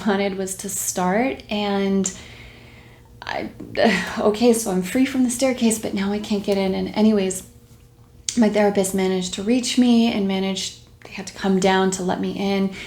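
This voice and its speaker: A young woman tells a personal story to camera in a casual, animated way. She acts out her own thoughts in quotes and adds small laughs. Her voice sits at a mid pitch, and the room around her is echoey. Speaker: video host sharing a personal story. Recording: roomy echo.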